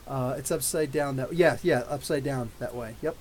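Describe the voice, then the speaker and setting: A man in his thirties hosting a live podcast, reading viewer questions and telling rambling, animated stories. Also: medium pitch, normal speed, rough recording. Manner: rambling, animated storytelling with laughs. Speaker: podcast host. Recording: faint hiss.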